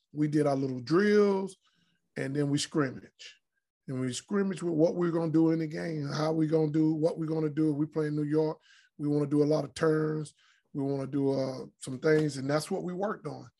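A man's voice: fairly high pitch, normal speed, gravelly. A middle-aged man, a retired athlete and podcast guest, telling profane, blunt stories in a casual interview. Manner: profane, blunt, animated anecdotes. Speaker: retired pro basketball player, guest.

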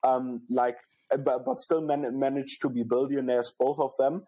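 A man's voice: medium pitch, little pitch movement, mellow. A man who is a startup founder, speaking hesitantly as a podcast guest. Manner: hesitant, halting with fillers. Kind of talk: casual podcast chat.

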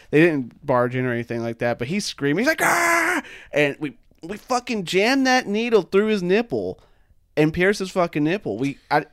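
Young guy rambling thru stories, swears a ton, says dude constantly, smooth clear voice, dry close mic. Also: on the high side, dry recording. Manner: rambling, swears a lot, heavy fillers like "dude" and "man". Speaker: podcast co-host. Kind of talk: casual chat, storytelling.

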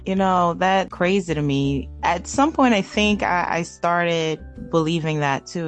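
Low-voiced woman speaking thoughtfully. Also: normal speed, faint music behind. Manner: thoughtful, candid, with hesitant restarts. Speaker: podcast co-host. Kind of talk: candid personal conversation.

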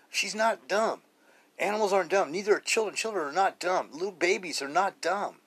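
A man's voice: sits high, a little fast, fairly bright tone, breathy edge. A middle-aged man recording a spiritual podcast on a cheap phone, talking casually with profanity, restarts and repetition. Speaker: podcast host. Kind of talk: rambling spiritual podcast monologue.

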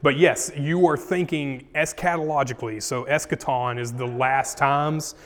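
A man teaching a Bible study in a relaxed, conversational way, dropping in slang and checking in with "yeah?" and "right?". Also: medium pitch, normal speed, big-room sound.

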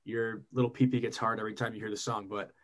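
A man co-hosting a casual podcast, joking and teasing his co-host in quick banter. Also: on the low side, flat delivery.

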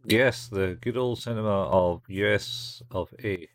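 A man co-hosting a podcast in casual banter, dropping quick joking interjections and wry quips. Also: lowish voice, dry recording. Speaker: podcast co-host.

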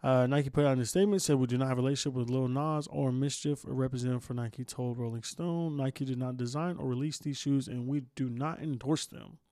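A man's voice: medium pitch, brisk, hardly any pauses, dark tone, no echo, studio quality. A man hosting a casual solo podcast, rambling and groggy after just waking up, cussing a lot and stumbling over his words. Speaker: podcast host.

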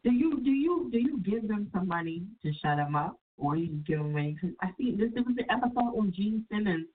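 A woman hosting a call-in radio show while sick, talking in a loose, chatty, profane way and jumping into high-pitched voices when she quotes people. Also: expressive, fairly quick, slightly rough. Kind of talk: casual call-in radio talk. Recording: distant, phone-like radio audio.

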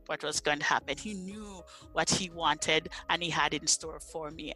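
A woman's voice: deep voice, moderate pace, pushed and bright, soft background music. A middle-aged woman from Jamaica, earnestly telling her faith story as an interview guest and often repeating words as she searches for them. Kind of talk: personal faith testimony in conversation.

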